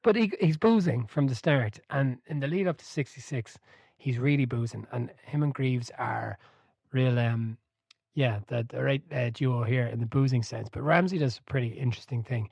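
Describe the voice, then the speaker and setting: A man hosting a casual book chat, telling stories with lively energy and an easy laugh. His voice sits in an ordinary middle range. The sound is close and dry, with no room around it. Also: medium pitch, normal speed, gravelly, breathy edge, dry recording. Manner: animated storyteller, laughs and swears freely. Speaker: book club podcast host.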